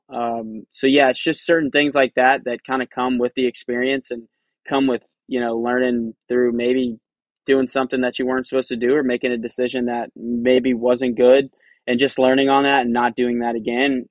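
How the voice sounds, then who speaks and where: A man's voice: mid-range voice, fairly quick, no echo. A man who caddies on a pro tour answers questions in an easygoing, chatty manner. His voice sits mid-range and barely rises or falls. The sound is dry and close, with no room around it. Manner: relaxed, conversational, says "man" and "you know" often. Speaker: tour caddy, podcast guest. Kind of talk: casual interview answers.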